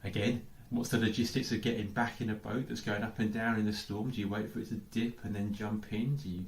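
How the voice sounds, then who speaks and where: A man's voice: fairly low pitch, fairly even intonation, fairly quick, slight background noise. An English man giving a sermon as pastor, thinking aloud with lots of questions and repeated "I don't know"s. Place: church hall. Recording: echoey church hall.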